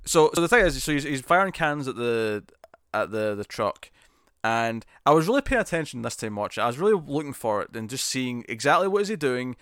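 A man's voice: medium pitch, fairly quick, smooth, dry recording, clean studio sound. Chatty man rambling about films. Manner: animated, rambling with many restarts. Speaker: podcast co-host. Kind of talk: casual film discussion.

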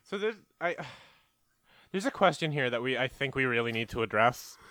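A young man co-hosting a comedy podcast, animated and easily exasperated, with deadpan jokes. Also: mid-range voice, moderate pace, no echo. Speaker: podcast co-host. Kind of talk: casual comedic chat.

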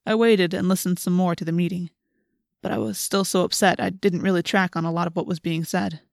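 A woman with a lowish voice narrates a novel in the first person, measured and earnest. Her reading is close to the mic and very dry, with no echo at all. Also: fairly even intonation, vocal fry. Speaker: audiobook narrator.

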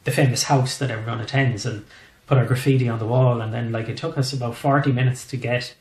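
An Irish man in a casual interview chat, swearing freely and telling animated stories. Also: medium pitch, fast, echoey room, poor audio. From Ireland. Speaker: guest comedian.

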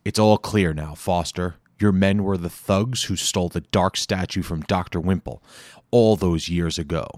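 An icy, vengeful young hero who speaks in clipped, menacing lines, as a male narrator puts him on. The voice is deep and grim. The recording is dry, with no room around it. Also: moderate pace, a little mellow, no echo, lightly acted.

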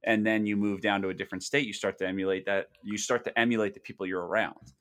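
Thirties guy, bit of a faded philly accent, lowish voice, blunt and cussing, podcast cohost. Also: steady tone, fast, a bit bright. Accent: Philadelphia-area, softened. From Delaware County, Pennsylvania. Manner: blunt, profane, joking. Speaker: podcast co-host. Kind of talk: casual podcast chat.

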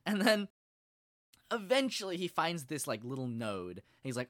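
Lively woman ranting about an anime. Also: rumbling low, a little fast, no echo, clean studio sound. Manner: animated retelling, acts out scenes in silly voices. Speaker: podcast co-host reviewing anime. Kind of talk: casual chat.

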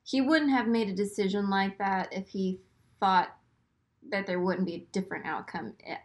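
A woman chatting casually and excitedly about a movie, rambling with lots of fillers and small laughs. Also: mid-range voice, normal speed. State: burping after beer. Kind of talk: casual chat.

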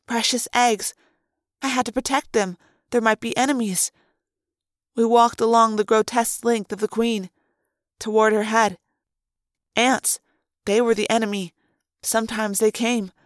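High-voiced woman narrating a novel aloud. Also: no echo, clean studio sound. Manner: first-person narration with tense, dramatic delivery. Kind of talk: audiobook reading of a novel.

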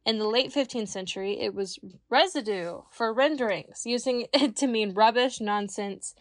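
Casting: giggly woman co-host from Kansas, higher voice, dry close mic, swears freely. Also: normal speed, no room sound. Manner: giggly, swears freely, stumbles over words. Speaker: podcast co-host. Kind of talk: casual chat, reading etymology notes.

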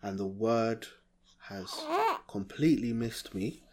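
A man with a London accent, co-hosting a casual podcast chat in a rambling, slangy way that often drops low and quiet. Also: takes it slowly, a little hiss or hum. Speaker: podcast co-host.

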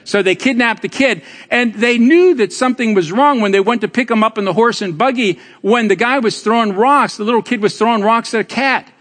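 An older man, a pastor, preaching a sermon with lively storytelling, teasing his congregation and building to emphatic exclamations. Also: sits high. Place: church sanctuary. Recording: long hall reverb.

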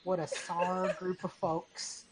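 A man voicing a brash young male adventurer with a man bun in a tabletop game, in a put-on high falsetto and, later, a put-on cowboy drawl, talking back defensively and sassily. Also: completely flat delivery, unhurried, very noisy. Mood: defiant drawl. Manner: defensive, sassy banter in character. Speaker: player. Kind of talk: tabletop role-play, in character.

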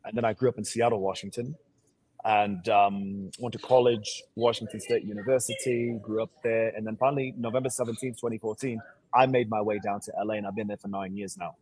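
A man's voice: on the low side, fairly even intonation, fairly quick, darkish tone, husky, no echo. A man from Sierra Leone speaking with a put-on English accent, an actor talking energetically and boastfully as a guest co-host. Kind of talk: casual interview chat.

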